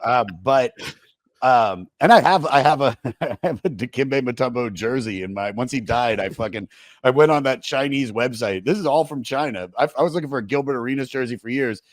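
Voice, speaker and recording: A man's voice: mid-range voice, brisk, no echo. A man with a Maryland accent hosting a podcast, telling stories in a rambling, profane, joking way. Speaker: podcast host. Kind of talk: casual chat.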